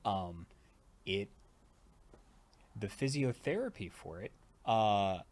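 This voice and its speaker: A man's voice: fairly low pitch, lively intonation, slow pace, a little mellow. A man with a tired jaw chatting casually on a livestream, rambling with lots of fillers. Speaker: streamer and voice actor.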